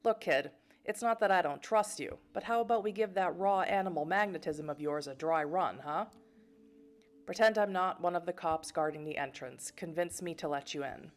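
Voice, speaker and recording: A woman voicing a blunt, wisecracking male vampire informant with a gravelly voice. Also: high voice, moderate pace, lightly acted. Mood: teasing.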